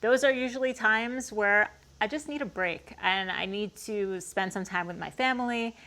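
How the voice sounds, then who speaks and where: A woman with a Long Island accent, chatting casually to camera as host of her woodworking channel, quick to laugh and full of "like" fillers. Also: medium pitch, sharp tone. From Long Island, New York. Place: detached garage workshop.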